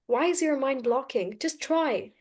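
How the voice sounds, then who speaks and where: A woman teaching a live online class, brisk and coaxing, often repeating key phrases. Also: high voice, animated, darkish tone. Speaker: English teacher.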